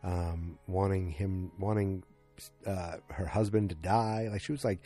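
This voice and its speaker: Deep dark-voiced guy rambling thru a tv recap, lots of ums. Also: steady tone, a little slow, faint music behind. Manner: rambling, full of fillers and restarts. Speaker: TV episode recapper.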